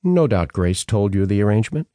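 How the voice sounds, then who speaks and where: A wealthy old professor, formal and blunt, speaking in clipped, higher sentences, as a male audiobook narrator puts him on. The narrator's voice is still deep at its base, and the recording is close and dry. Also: big pitch swings, fairly quick, dark tone, no echo.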